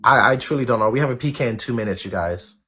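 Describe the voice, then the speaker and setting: Husky guy on a live stream, blunt, swears a lot, keeps repeating himself to the chat. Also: mid-range voice, fast talker, bright, forceful tone. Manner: blunt and outspoken, swears freely; talks straight to his viewers, repeating himself for emphasis. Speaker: live-stream show host. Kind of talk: casual live-stream commentary.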